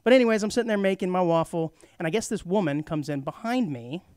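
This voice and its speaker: A man co-hosting a community radio talk show, telling a rambling, animated anecdote full of fillers. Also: high voice, fast, dry recording, studio quality. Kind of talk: casual chat, storytelling.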